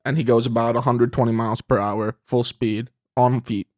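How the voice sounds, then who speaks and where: A man on a comedy podcast, improvising an absurd story in a rambling, animated way with frequent laughs. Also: medium pitch, moderate pace, dry recording, clean studio sound. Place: podcast studio.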